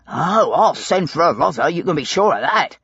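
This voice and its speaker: Casting: woman doing a hulking rough man, husky and low, muffled audiobook sound. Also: big pitch swings, moderate pace, a bit bright, no room sound, exaggerated voice. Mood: savage. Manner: rough, belligerent, coarse slang. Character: burly gruff male London lodging-house man.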